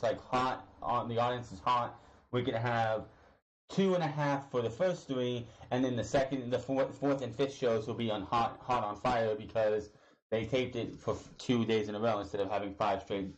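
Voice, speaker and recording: A man's voice: mid-range voice, muffled recording. Casual male wrestling recap host. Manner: rambling, retells promos with quoted lines. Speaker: wrestling show reviewer.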